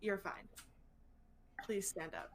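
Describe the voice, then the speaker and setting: A woman's voice: medium pitch, lively intonation, slight background noise, voice pushed down. A woman voicing an earnest young vampire woman, tumbling over her words as she reassures someone. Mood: reassuring. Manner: flustered, rapid-fire protests.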